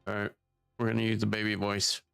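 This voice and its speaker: Deep gravelly man streaming a game. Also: monotone, fast, pushed and bright, no room sound. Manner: offhand, swears at slip-ups. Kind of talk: casual game livestream, reading dialogue aloud.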